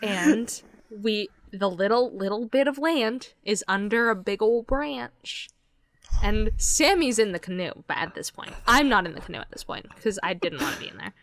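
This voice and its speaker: A woman co-hosting a casual podcast, telling a story with lots of swearing and acted-out shouted quotes. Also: medium pitch, normal speed, no echo. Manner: animated, swears a lot, acts out shouted quotes. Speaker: podcast co-host.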